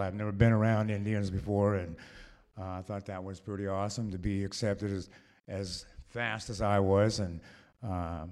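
A man telling a personal story to a live audience, halting and rambling, full of fillers and restarts. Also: on the low side.

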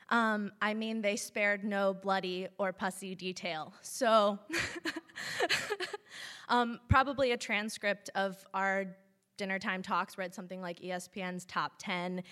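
Bright-voiced young woman telling a story. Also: medium pitch. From St. Louis, Missouri, US. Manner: chatty, many ums, laughing asides. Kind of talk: live storytelling to an audience.

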